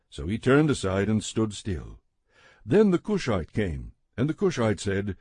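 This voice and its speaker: A man reading scripture aloud in a measured, steady narration. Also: on the low side, slightly rough, dry recording, clean studio sound. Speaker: scripture reader.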